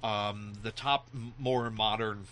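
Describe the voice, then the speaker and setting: A man chatting casually, telling animated stories and acting out the voices of people in them. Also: fairly low pitch, takes it slowly, slight background noise. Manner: animated storyteller who acts out voices, laughing often. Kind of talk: casual chat.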